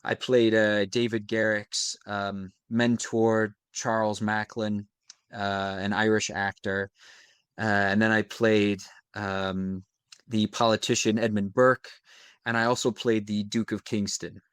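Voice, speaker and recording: A man's voice: on the low side, level tone, slow, fairly bright tone, clear, resonant tone, no echo, studio quality. A young American man, an actor, talking through his work in a casual interview, reflective and searching for words. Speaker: actor guest.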